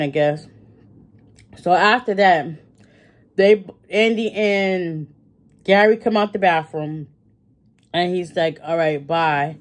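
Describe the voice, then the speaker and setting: A woman vlogger casually recapping a TV episode, acting out the characters' lines with laughs and fillers. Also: fairly low pitch.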